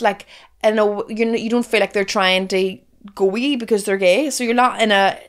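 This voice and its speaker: A woman's voice: medium pitch, steady tone, a little fast. A woman in her thirties with a Northern Irish accent, co-hosting a podcast, talking frankly with lots of restarts and swearing. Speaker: podcast co-host, comedian. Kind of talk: casual chat.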